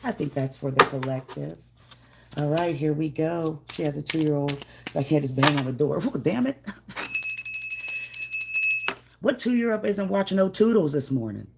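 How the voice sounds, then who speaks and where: Low gravelly woman reading tarot. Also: moderate pace, heavy background noise. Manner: chatty, affectionate, greets viewers by name. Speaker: tarot reader. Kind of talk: casual live tarot reading.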